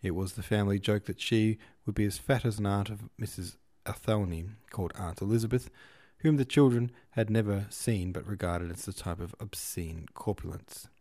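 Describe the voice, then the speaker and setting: A man who hosts a podcast, reading a classic novel aloud in a measured, unhurried narration. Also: lowish voice, darkish tone. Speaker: podcast host and audiobook reader.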